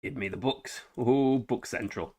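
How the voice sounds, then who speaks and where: A man's voice: mid-range voice, a little slow, mellow, breathy edge, dry recording. A man giving casual gameplay commentary, chatting to himself and his viewers with frequent exclamations. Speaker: game streamer.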